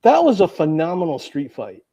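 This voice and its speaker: A man's voice: fairly high pitch, huge pitch swings, moderate pace, mellow, husky. A man co-hosting a live comics stream, chatting casually with a playful, teasing, jokey manner. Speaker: podcast co-host. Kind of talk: casual chat.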